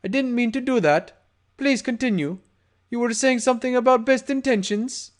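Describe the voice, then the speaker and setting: A man's voice: very high-pitched, normal speed, pitched above the performer's own voice. A man voicing a menacing, crude male pony gangster in a fan audiobook, taunting and swaggering. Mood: mocking.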